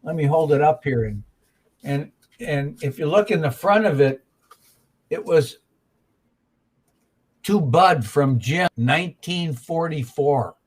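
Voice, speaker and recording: A man co-hosting a casual podcast, with a voice pitched a little high for a man. He talks in a folksy, storytelling way and reads old jokes aloud with relish. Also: expressive, slow, pauses often, husky. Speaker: podcast co-host.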